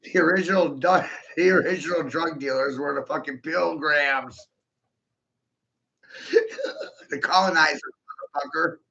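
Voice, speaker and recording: A man's voice: on the high side, moderate pace, gravelly, pauses often, pushed and bright. A man in a rambling, profane stream-of-consciousness monologue, giggling often and putting questions straight to the listener. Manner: profane, giggly, keeps breaking into laughter; rhetorical, addresses the listener directly. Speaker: vlogger. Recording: dull lo-fi recording.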